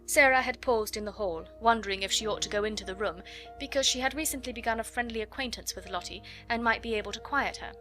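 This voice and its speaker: Woman audiobook narrator, bright tone, expressive, soft music behind. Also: a little high, fast. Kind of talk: scripted narration.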